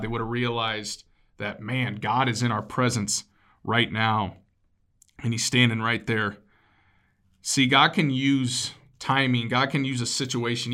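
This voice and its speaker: A man of ordinary mid-range pitch delivers a sermon as a pastor. His preaching stays casual and conversational. He keeps turning to his listeners with quick asides. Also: fairly bright tone.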